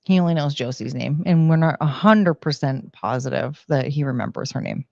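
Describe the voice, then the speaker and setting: A woman's voice: deep voice, lively intonation, normal speed, creaky, a little mellow, dry recording, muffled recording. A woman streaming from home into a desk mic, chatting casually and rambling with lots of "like" and "um". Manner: rambling, heavy use of "like" and "um". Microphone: desk microphone.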